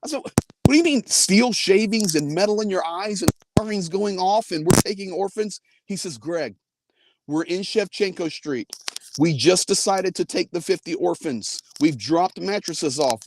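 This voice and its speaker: A man's voice: high voice, background noise. A man hosting a live faith-based update from inside his car, telling a story earnestly and quoting others. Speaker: host.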